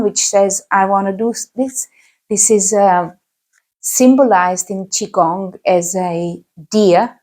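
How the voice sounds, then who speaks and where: Breathy woman guiding a qigong class. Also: mid-range voice. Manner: calm, guiding instructions. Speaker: qigong instructor.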